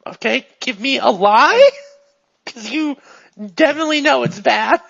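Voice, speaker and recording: A game master voicing an excitable, pushy female TV star who gushes and swings between loud and hushed. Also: high voice, a little slow, gravelly, dull audio, exaggerated voice. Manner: gushing, jumps from excited to hushed.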